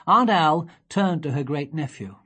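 Low, husky woman reading a storybook. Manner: expressive, gently measured. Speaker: reader. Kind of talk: storybook read-aloud.

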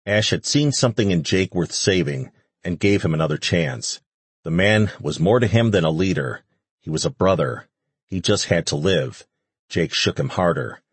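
A man reading a fantasy audiobook in steady scripted narration. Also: deep voice, normal speed, breathy edge, no room sound.

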